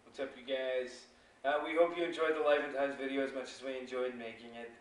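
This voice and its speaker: A young man hosting a video in a relaxed, hesitant way, full of "uh" and "you know.". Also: medium pitch, fast. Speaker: video host. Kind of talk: casual hosting. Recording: echoey room, distant mic.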